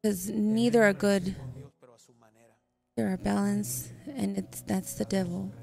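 Gravelly woman interpreting a sermon. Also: medium pitch, steady tone, mellow, soft background music. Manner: measured, catches up in short phrases.

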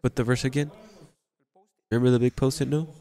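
A man preaching a sermon, plain-spoken and animated, often repeating and restarting his phrases. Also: medium pitch, fairly quick.

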